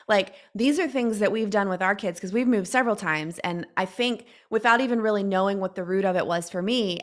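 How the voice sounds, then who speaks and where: A woman in her late thirties telling a personal story in a casual, reflective way, often filling her sentences with "like.". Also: mid-range voice. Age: late 30s. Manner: chatty, reflective, frequent "like" fillers. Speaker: guest sharing a personal story.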